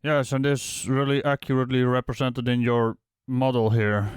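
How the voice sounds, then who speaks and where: A man's voice: medium pitch, little pitch movement, moderate pace, clear, resonant tone. A man from the Netherlands giving sarcastic, mocking reaction commentary, laughing often. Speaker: YouTube commentator.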